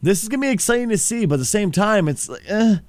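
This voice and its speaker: An excitable, jokey American man co-hosting a casual podcast chat and laughing often. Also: high-pitched, quick pace, dry recording. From United States. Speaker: podcast co-host.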